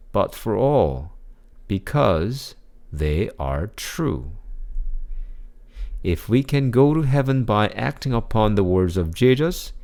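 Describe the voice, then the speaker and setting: A man reading scripture and giving a measured sermon reflection. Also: fairly low pitch, darkish tone. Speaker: preacher.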